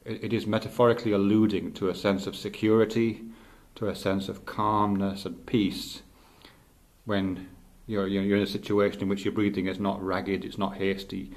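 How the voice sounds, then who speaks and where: A middle-aged male teacher thinking aloud in a halting, reflective way, with many restarts. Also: on the low side, flat delivery, a little mellow. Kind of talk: unscripted spoken reflection.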